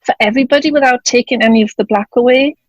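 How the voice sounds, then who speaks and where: A woman's voice: fairly high pitch, very fast, dry recording, dull audio. A woman from Germany, a guest on an interview podcast, telling a personal story in casual conversation and acting out the dialogue. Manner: storytelling, acts out quoted dialogue. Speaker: guest, author and widowed mother. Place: home, in Scotland.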